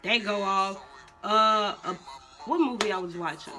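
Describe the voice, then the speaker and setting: A young adult woman vlogger telling a storytime in blunt, slangy, animated casual talk. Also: mid-range voice, a little slow. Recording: music playing under the voice. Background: music.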